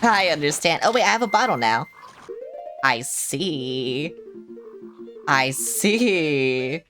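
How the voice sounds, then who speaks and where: A young woman with a low voice chats her way through a video game stream at home, talking to the characters and cursing now and then. Loud game music plays under her voice the whole time. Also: expressive, slow. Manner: chatty, swears casually, talks to the game. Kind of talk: live gameplay commentary.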